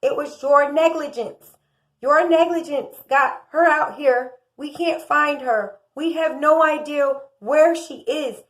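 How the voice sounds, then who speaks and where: A woman in her thirties from the United States speaks in a high, bright voice. She gives indignant, opinionated commentary and pushes her volume up as she makes her case. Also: takes it slowly. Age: 30s. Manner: impassioned, indignant, rising in volume. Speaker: true crime commentator.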